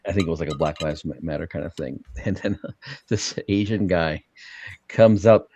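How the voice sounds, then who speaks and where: Male co-host, very deep voice, relaxed storytelling, dry mic. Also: moderate pace, slightly rough, no echo. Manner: laid-back storyteller, chuckles often. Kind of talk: casual chat.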